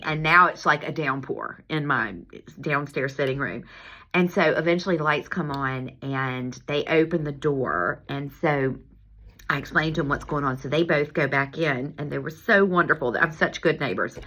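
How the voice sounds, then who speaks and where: A woman chiropractor telling a story in a casual monologue, animated and laughing as she acts out her own exclamations. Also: low-pitched, normal speed. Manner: animated, laughing, lively retelling with acted-out exclamations.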